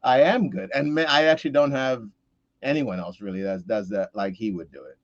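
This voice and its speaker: Brief: male co-host, mid-pitched, earnest conversational podcast chat, dry lo-fi sound. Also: brisk, no room sound. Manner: reflective, earnest, with restarts and quoted asides.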